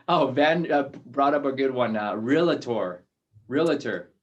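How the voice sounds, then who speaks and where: A man hosting an interview on a video call, chatty and relaxed, with plenty of ums and restarts. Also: medium pitch, a little slow, muffled recording. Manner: relaxed, many fillers and restarts. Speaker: host. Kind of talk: casual interview.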